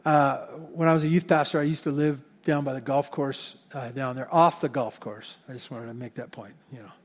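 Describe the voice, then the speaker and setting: A man's voice: mid-range voice, steady tone, brisk. A man preaching a sermon as pastor in a church, talking in a conversational way and often repeating words as he corrects himself. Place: church sanctuary. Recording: long hall reverb.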